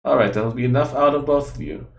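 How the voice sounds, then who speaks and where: A man's voice: medium pitch, fast, creaky, lightly acted. A man voicing a blunt, impatient female companion who scolds the others. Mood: scolding.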